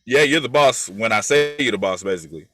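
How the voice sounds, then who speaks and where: A man's voice: mid-range voice, fast talker. A man co-hosting a casual talk show about a TV series, acting out characters' lines and swearing freely. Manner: animated, acts out characters' lines. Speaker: podcast co-host. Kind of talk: casual chat about a TV episode.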